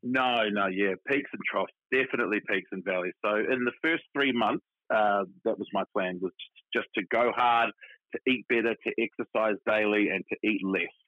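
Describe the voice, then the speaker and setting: A man's voice: fairly low pitch, normal speed, dry recording. New man over a tinny phone line. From New Zealand. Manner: frank, chatty, many restarts. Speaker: interview guest. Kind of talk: casual personal storytelling.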